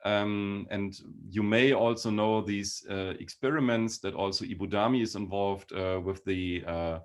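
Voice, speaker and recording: A man's voice: on the low side, fairly even intonation, unhurried. A man with a German accent, a guest lecturer giving chatty, self-deprecating answers over a video call. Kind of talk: casual Q&A answers.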